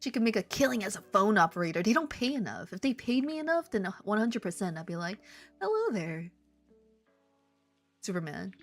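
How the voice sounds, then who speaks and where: A woman's voice: medium pitch, animated, fast talker, few pauses, faint music behind. A woman streaming casually while she draws, playful and rambling, with theatrical outbursts. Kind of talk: casual live-stream chat while drawing.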